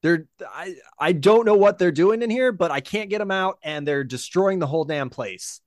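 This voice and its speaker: A man voicing an angry female Minotaur who runs a bar, shouting in exasperation. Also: on the low side, lively intonation, normal speed, no echo, voice pushed up, close to an everyday voice. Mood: furious. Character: angry female Minotaur barkeeper, loud and frantic.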